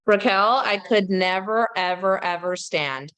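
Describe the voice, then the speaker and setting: A woman's voice: mid-range voice, unhurried, fairly bright tone, clear, resonant tone. A woman hosting a podcast, chatting casually and animatedly about pop culture, with plenty of gossip and giggles. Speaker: podcast host.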